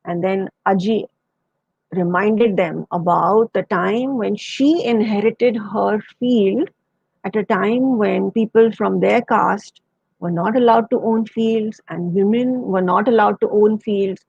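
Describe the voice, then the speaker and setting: A woman tells a children's story gently, her voice husky with a gravelly fry. The sound is dry and close, slightly dull like a radio broadcast. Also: medium pitch, slow pace, dry recording. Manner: gentle, retelling with quoted voices. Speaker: storyteller guest.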